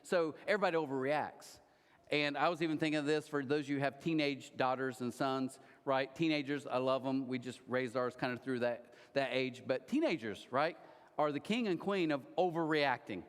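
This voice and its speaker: A man's voice: medium pitch, moderate pace. A middle-aged man preaching a sermon in a casual, storytelling way, with chatty asides to his congregation. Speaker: pastor. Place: large church auditorium. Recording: long reverb of a large hall.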